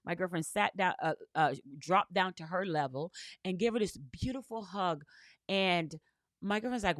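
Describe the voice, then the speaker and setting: Earnest woman coach, low dry voice. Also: moderate pace, dry recording. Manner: earnest, repetitive storytelling with frequent "right?"; uses faith and spiritual language. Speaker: business coach. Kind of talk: motivational talk.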